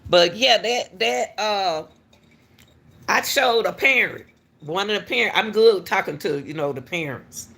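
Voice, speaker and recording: Gravelly-voiced woman chatting to viewers. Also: medium pitch, unhurried. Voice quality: talks straight to viewers with repeated "y'all", animated and laughing. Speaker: school crossing guard. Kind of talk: casual storytelling to viewers.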